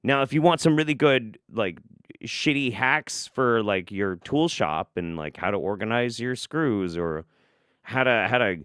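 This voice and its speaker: A man's voice: medium pitch, lively intonation, unhurried, fairly bright tone, clear, resonant tone, no echo, clean studio sound. A man hosting a live stream, reacting to clips with incredulous, profane, sarcastic commentary.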